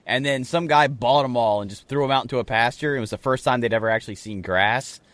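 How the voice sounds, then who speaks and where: A man co-hosting a podcast, rambling through animated, profane stories in casual banter. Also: medium pitch, quick pace, no echo. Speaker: podcast co-host.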